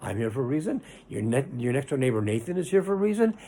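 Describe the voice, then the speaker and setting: A man's voice: mid-range voice, very animated, dark tone, slight background noise. A man giving an informal, earnest Torah lesson as a rabbi, talking conversationally and stretching out the words he stresses. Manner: earnest, conversational, drawn-out emphasis.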